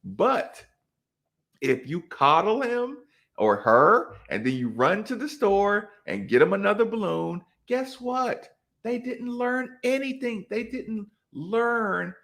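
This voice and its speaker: A man hosting a casual chat, telling a story in an animated way, acting out quotes with big jumps in his voice. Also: high-pitched, slow. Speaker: podcast host.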